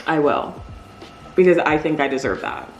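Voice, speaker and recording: A woman's voice: sits low, expressive, normal speed, reverberant, faint music behind. A woman in her thirties talking candidly in a casual, rambling vlog while decorating cookies, using lots of fillers. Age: 30s. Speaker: vlogger.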